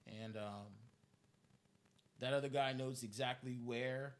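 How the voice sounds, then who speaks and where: A man's voice: medium pitch, fairly even intonation, slow pace. Heated, profane man ranting. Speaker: streamer. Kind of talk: ranting live stream monologue.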